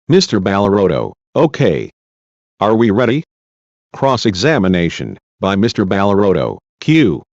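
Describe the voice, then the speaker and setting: A man's voice: on the low side, sing-song, takes it slowly, dry recording. A man reading a deposition transcript aloud, speaker labels included, in a dull lo-fi recording. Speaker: channel host reading a court transcript.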